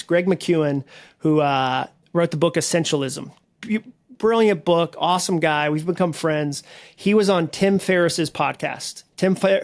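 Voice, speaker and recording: A man with a slightly higher-than-average voice talks as a podcast guest. He tells stories animatedly, full of quick asides and self-deprecating jokes. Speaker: guest speaker and author. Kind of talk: conversational podcast interview.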